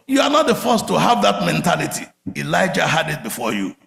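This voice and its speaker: A man preaching a sermon, telling stories with big swings from loud outbursts to quiet murmurs. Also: high-pitched, fast talker, vocal fry, hardly any pauses. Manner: animated storytelling, swings from shouts to murmurs. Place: church sanctuary. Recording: echoey church hall.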